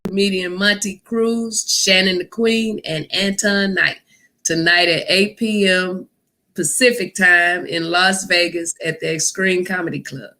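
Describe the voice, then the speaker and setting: A woman comedian from Arkansas, a guest telling jokes and stories in a lively way and laughing often on a casual podcast. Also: fairly low pitch, measured pace, low-quality recording.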